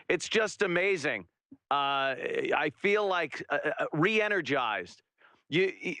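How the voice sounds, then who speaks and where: A man with a bright, forceful voice that sits a little high, speaking as a guest on a political radio talk show. He talks emphatically and fills his sentences with hesitations. The sound is close and dry. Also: dry recording. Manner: emphatic, many fillers.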